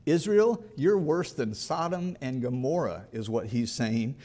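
A man's voice: mid-range voice, unhurried, warm tone. A middle-aged male pastor preaching an earnest sermon and reading scripture aloud with emphasis.

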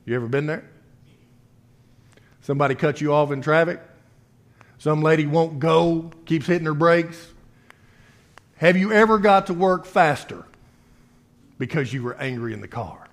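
A man's voice: a little high, a little slow, pauses often. A man preaching a sermon in a conversational way, reading scripture and asking the listeners rhetorical questions.

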